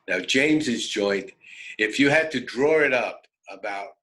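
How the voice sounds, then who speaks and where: Older man, New York accent, radio storyteller, bright edgy tone, wry, chatty. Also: fairly low pitch, poor audio. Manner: animated, wry, conversational. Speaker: radio host. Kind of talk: personal storytelling.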